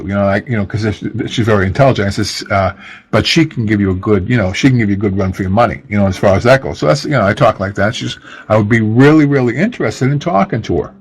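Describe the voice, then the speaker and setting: Male radio host, lower-pitched, rambling chatty delivery, self-deprecating, lots of "um" and restarts. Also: fast, breathy edge, rough recording. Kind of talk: casual radio chat.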